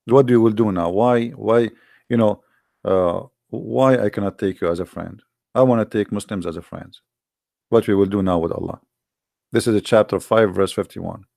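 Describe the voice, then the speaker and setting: Gravelly man in animated broken English. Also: on the low side, normal speed, dry recording, clean studio sound. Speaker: livestream host. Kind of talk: casual livestream storytelling.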